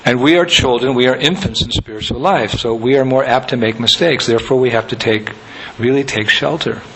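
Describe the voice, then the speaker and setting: A man giving a conversational sermon as a spiritual teacher, telling anecdotes with soft laughs. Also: medium pitch, a little fast, a crowd in the background, poor audio.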